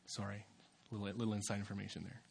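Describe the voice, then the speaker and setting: A young man preaching as a youth pastor, dropping into quiet asides and then building to loud, fervent exhortation. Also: lowish voice, completely flat delivery, fast talker, creaky, a little hiss or hum. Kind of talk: sermon.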